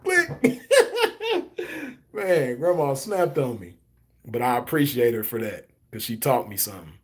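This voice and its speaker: Expressive and a little mellow, his medium-pitched voice moves at a moderate pace. As host of a stream, he reads chat comments, replies to them, and tells a story in a loose, casual way peppered with "you know what I mean."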